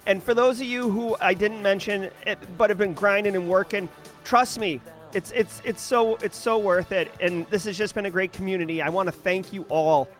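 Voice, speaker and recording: A man hosting a casual daily news livestream, talking in an animated, ranting way with many fillers and restarts. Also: high voice, normal speed, faint music behind.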